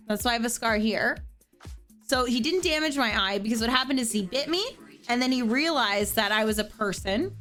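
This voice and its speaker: A woman in her thirties from Pennsylvania telling a personal story in a casual, animated way, using "like" constantly. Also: fairly high pitch. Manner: animated, filler-heavy with frequent "like".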